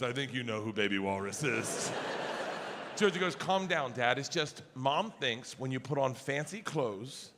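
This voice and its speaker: A middle-aged man doing a stand-up comedy set, telling stories loudly and acting out quoted lines in shifting voices. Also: mid-range voice. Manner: loud storytelling, acts out quotes in shifting voices. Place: comedy stage before a laughing audience. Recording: live stage mic with audience noise.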